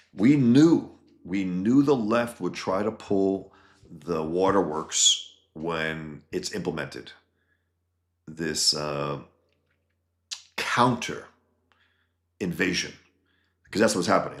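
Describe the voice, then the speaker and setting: A man hosting a casual livestream from his new home, reading viewer comments and answering them in a heated, ranting way with swearing and frequent restarts. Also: low voice. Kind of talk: casual live-stream talk.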